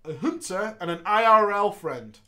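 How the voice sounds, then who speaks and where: A man's voice: sits high, normal speed. A man hosting a show, reading a viewer's gaming story aloud with crude, laughing comedic commentary. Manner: animated, profane, laughs often.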